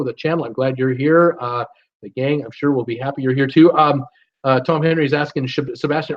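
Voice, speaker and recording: A chatty man hosts a live stream, reading out viewer comments one after another and riffing on them with jokes and frequent fillers. His voice sits fairly high for a man. The audio is dull and lo-fi. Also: a little fast. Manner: reads viewer comments aloud and responds chattily; jokey, lots of uh fillers. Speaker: host.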